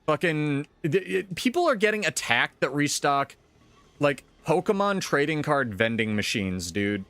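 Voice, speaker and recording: A man's voice: on the high side, very animated, a little slow, fairly bright tone, no room sound. Profane, ranting male streamer. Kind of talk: casual live-stream chat.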